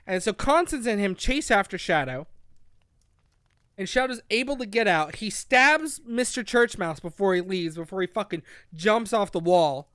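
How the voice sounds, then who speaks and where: A man's voice: high voice, lively intonation, normal speed, fairly bright tone, clean tone, dry recording, clean studio sound. A man co-hosting a casual online talk show, recapping a childhood book in a rambling, profane way and slipping into goofy character voices. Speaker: podcast co-host.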